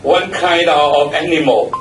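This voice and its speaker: A man evaluates the speakers at a club meeting, repeating words and spelling some out. His voice sits a little high for a man. He is picked up from across an echoey room, with faint noise behind. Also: measured pace, faint music behind. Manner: repeats and spells out words, gives warm feedback. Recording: echoey room, mic far off.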